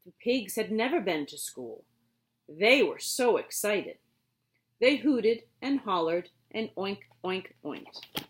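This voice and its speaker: A teacher with a medium-pitched voice reads a picture book aloud to her students, telling the story expressively and drawing out her words.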